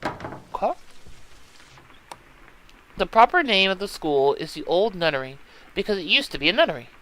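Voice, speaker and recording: Bright, lively male game reader. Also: high-pitched, quick pace, poor audio. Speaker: let's play host reading a game aloud. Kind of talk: reading interactive fiction aloud.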